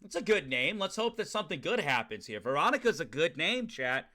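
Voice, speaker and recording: A young man from New York streaming to his chat, loud and animated, swearing often and talking straight to his viewers. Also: a little high, a little fast. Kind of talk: casual livestream chat.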